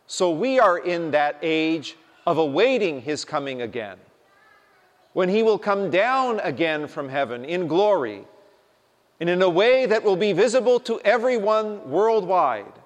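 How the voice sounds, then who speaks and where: A man delivers a sermon slowly and deliberately, leaning on his words for emphasis. His voice sits a little high for a man. It rings out with a long hall reverb behind it. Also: very animated. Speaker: preacher.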